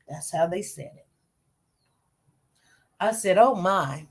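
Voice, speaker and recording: A woman's voice: mid-range voice, slow, pauses often, breathy edge. A woman giving casual, emphatic commentary on news stories, repeating herself and talking informally. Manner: emphatic, repetitive, animated.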